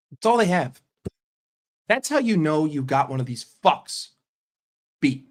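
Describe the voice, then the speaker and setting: A man's voice: a little high, big pitch swings, measured pace, pauses often. An American man in a sarcastic, combative rant on a fan stream, swearing often. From United States. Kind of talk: ranting live stream.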